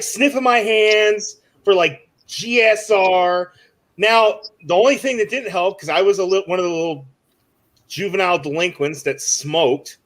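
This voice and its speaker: Young man, high voice, animated swearing storyteller, casual panel chat.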